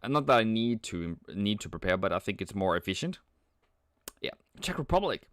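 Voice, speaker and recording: A man hosting a live trading stream, talking casually and playfully as he answers chat with frequent halting restarts. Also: on the low side, big pitch swings, fairly bright tone, no echo. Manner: chuckles often, halting restarts. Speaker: trading livestream host. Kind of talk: casual live market commentary.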